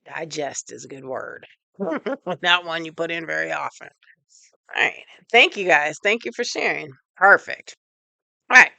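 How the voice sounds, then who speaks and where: A woman coach runs a live online workshop, her voice crisp and bright. She sits a little low in pitch and encourages the group as she counts them through breathing and tensing exercises. The sound is dry and close. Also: no room sound. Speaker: emotional intelligence coach.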